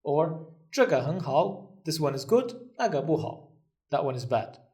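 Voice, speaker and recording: A man teaching a recorded language lesson, patiently repeating each phrase slowly and then translating it. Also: fairly high pitch, sing-song, darkish tone, far from the mic.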